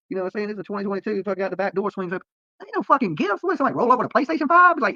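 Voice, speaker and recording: A man's voice: high-pitched, sing-song, rapid-fire, pushed and bright, no room sound, muffled recording. A man streaming live from a roadside near a protest, talking to viewers in a profane, rambling and defensive way, often tacking on "okay?". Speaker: livestreamer. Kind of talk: livestream rant to viewers.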